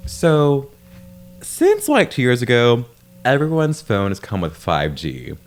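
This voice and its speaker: A man's voice: medium pitch, wildly swooping pitch, takes it slowly. A young man as a podcast guest, teasing playfully in casual banter.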